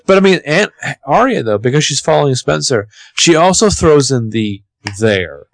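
A man's voice: a little high, normal speed, gravelly, dry recording. A man co-hosting a podcast, chatting casually as he recaps a TV episode, with lots of fillers and asides. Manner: animated, talks with many fillers. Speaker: podcast co-host.

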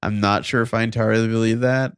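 A man with a deep, gravelly voice chats casually as a podcast co-host, with dry, wry humor. The sound is close and dry, with no room. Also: steady tone, quick pace, no room sound. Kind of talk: casual chat and mock reading.

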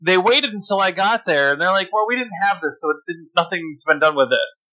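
A middle-aged man with a high, bright, forceful voice tells an angry story on a podcast. He swears freely and talks with heat. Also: lively intonation, brisk, lo-fi sound. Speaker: podcast co-host. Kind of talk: casual chat.

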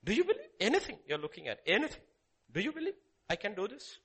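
A man preaching a sermon, emphatic and repetitive, swinging from loud calls to hushed lines. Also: high voice, huge pitch swings, fast, husky.

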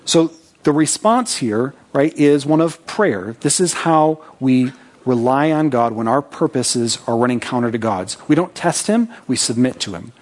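A man's voice: mid-range voice, lively intonation, a little slow, a little mellow. A man preaching a sermon as pastor, talking conversationally, reading scripture aloud with his own asides and checking in with "right?".

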